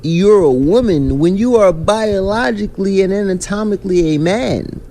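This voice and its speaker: A man's voice: high-pitched, normal speed. A man hosting a podcast, ranting in casual chat full of slang. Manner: animated, ranting, heavy slang. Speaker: podcast host.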